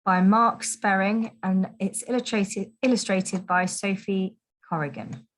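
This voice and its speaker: A woman teacher reading a Christmas picture book aloud to children, in a gentle, expressive storytelling manner. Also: mid-range voice, measured pace. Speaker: primary school teacher.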